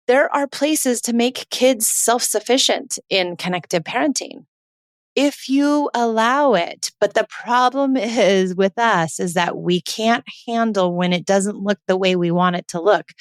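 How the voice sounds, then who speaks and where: A woman's voice: medium pitch, dry recording, clean studio sound. A woman, hosting a parenting podcast in an earnest, emphatic monologue that keeps repeating her points.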